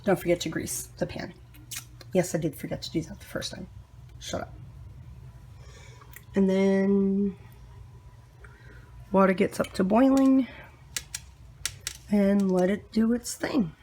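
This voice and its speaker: A woman's voice: mid-range voice, slow, pauses often, dark tone, slight background noise. A woman chatting casually as she cooks in her home kitchen, tossing in self-mocking asides. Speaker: home cook. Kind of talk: casual cooking vlog.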